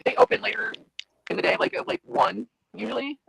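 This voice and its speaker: A woman on a video call in a casual chat, rambling and halting, full of restarts and fillers. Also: on the high side, wildly swooping pitch, creaky, background noise.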